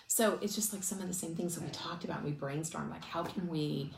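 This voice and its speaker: A woman's voice: deep voice, a little fast, vocal fry. A woman ministry speaker telling a story in a casual, chatty way, full of restarts and fillers, and close to tears. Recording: echoey room with faint noise.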